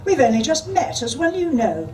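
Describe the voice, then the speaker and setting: A woman's voice: high voice, big pitch swings, moderate pace, warm tone, echoey room, pitched above the performer's own voice. A woman reads a confident, flirtatious woman who teases freely. The voice is lifted and projected, and it is picked up from across the room with noise behind it. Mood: playful. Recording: distant mic with background noise.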